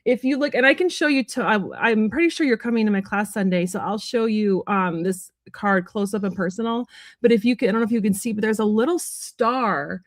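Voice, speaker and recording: A woman's voice: mid-range voice, dry recording, clean studio sound. A woman tarot reader on a livestream, bubbly and chatty, giving a card reading. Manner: bubbly, chatty, quick to laugh.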